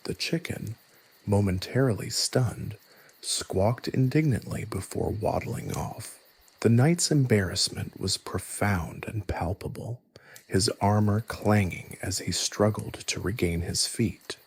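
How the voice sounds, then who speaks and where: A man reads a scripted story in a soft, hushed and evenly paced way. His voice sits a little low and has a gravelly, husky grain. The delivery stays calm and measured throughout. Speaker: narrator.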